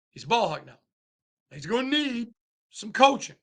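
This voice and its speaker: A man's voice: sits high, sing-song, normal speed, pushed and bright. A man hosting a sports podcast, talking emphatically and animatedly with lots of restarts and asides. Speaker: podcast host. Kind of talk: casual sports commentary.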